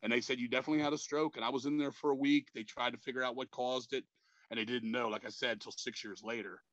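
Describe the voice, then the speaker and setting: A man's voice: mid-range voice, steady tone, fast talker, fairly bright tone, no echo, dull audio. A man in his fifties, a metal frontman, telling stories in a rambling, profane way and ending lines with "man". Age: 50s. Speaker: metal band frontman, guest. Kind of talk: casual interview storytelling.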